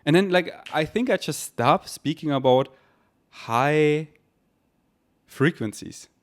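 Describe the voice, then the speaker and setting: A man's voice: on the high side, lively intonation, slow pace. A man hosting a podcast, speaking in a rambling spiritual monologue with repeated words and casual swearing; German is his first language. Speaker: podcast host.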